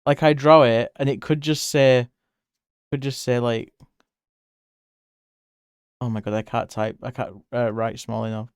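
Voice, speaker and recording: A man chatting casually with viewers while he draws on a live stream, giggling often, swearing freely and jumping to high squeals when excited. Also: a little slow, long pauses, smooth, dry recording, clean studio sound. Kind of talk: casual chat while drawing.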